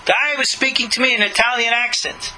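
A man giving an animated lecture as a Jewish religious teacher, commenting on scripture, with swooping emphasis and stretched key words. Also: extremely high pitch, a little fast, slight background noise, low-quality recording.

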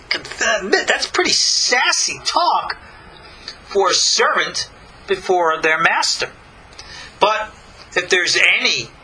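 A man leads a recorded Torah class with a high, lively voice. His tone is very bright and cutting. He speaks in an animated way, with folksy asides and rhetorical questions to his listeners. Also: slight background noise, poor audio. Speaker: Torah teacher.

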